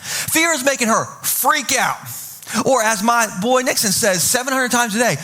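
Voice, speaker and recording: A man's voice: very high voice, animated, moderate pace, sharp tone. A man preaching as pastor, telling funny stories and acting out the quoted voices with lots of animation. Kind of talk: humorous sermon storytelling. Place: church stage.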